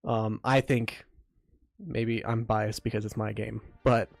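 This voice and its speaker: A man's voice: fairly low pitch, flat delivery, slow, vocal fry, no echo. Rambling man streaming game development. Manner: rambling, many fillers and restarts. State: eating while talking. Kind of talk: casual livestream chat.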